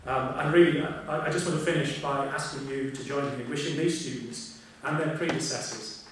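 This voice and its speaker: A man making a formal, earnest announcement to an audience, halting now and then with fillers. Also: a little high, steady tone. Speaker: event organizer. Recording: echoey hall from far off, room noise.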